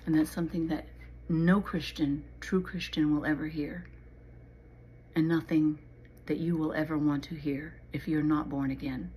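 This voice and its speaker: Woman, low voice, middle-aged, earnest devotional talk, pleading, soft whispers. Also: fairly even intonation, normal speed, dull audio, slight background noise. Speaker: Christian channel host and author. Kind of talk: devotional talk and poem reading.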